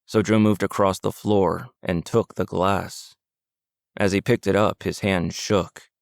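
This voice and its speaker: Audiobook narrator, male, deep gravelly voice, steady and measured. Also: no echo, studio quality. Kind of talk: scripted narration.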